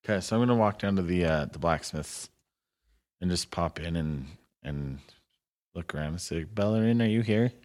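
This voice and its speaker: A man playing a tabletop game, talking in a relaxed, easygoing way. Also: low-pitched, normal speed. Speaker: player. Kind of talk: casual tabletop play.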